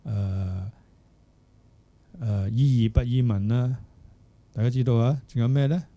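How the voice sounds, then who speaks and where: Older male monk, dharma talk, extremely dark and warm timbre, measured halting delivery. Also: medium pitch. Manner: unhurried, searching for words, checks in with "hmm?" and "yeah?". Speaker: Buddhist monk teacher. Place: Buddhist centre hall.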